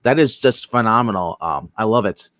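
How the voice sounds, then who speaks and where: A man's voice: lowish voice, lively intonation, fairly bright tone, no echo, studio quality. A man co-hosting a movie show, jumping in eagerly with enthusiastic points about a film. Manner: eager, enthusiastic, quick to jump in. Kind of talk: casual film discussion.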